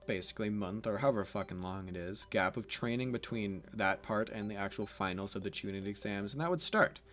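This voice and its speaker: Rambling, profane male storyteller. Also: on the low side. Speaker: YouTube storyteller. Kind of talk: casual what-if story narration.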